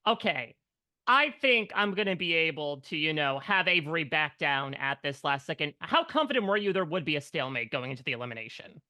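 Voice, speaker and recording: Bright-voiced male interviewer. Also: fairly high pitch, lively intonation, fairly quick, no room sound, studio quality. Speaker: entertainment journalist interviewer. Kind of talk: interview questions.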